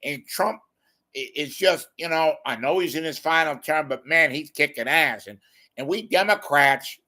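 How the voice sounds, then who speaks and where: A man's voice: fairly high pitch, moderate pace, bright, forceful tone, voice pushed up. A man doing a brash older political pundit. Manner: brash, pushy ranting.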